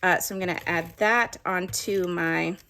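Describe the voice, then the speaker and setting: A woman's voice: on the low side, steady tone, unhurried, bright, forceful tone, slight background noise. A woman giving a casual craft tutorial, chatting and explaining each step as she works. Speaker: craft demonstrator.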